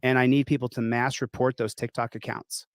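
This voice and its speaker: A man's voice: mid-range voice, level tone, a little fast, no echo. A man ranting indignantly on a stream, accusing and threatening someone. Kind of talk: angry live-stream rant.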